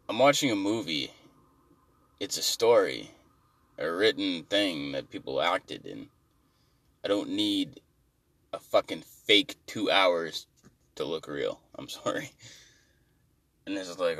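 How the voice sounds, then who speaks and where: Low-voiced male comic, exasperated rambling rant, dry off-mic sound. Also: expressive, unhurried, pauses often, fairly bright tone, dry recording, distant mic.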